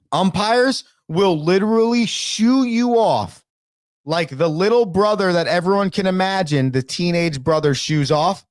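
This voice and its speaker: Host-coach, high and lively, emphatic rant, dry close mic. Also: male voice, dry recording. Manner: emphatic, exasperated, ranting. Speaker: baseball coach and show host. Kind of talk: casual sports commentary rant.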